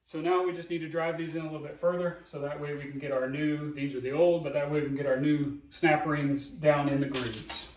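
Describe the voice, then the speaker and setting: A folksy, joking man talks through a car repair step by step, his voice a touch higher than most. He's some distance from the mic in an echoey home garage. Clear background noise sits under his voice. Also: level tone, a little fast, hardly any pauses, a little mellow. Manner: folksy, jokey, explains each step aloud. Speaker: DIY car repair host. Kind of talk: casual how-to narration while working.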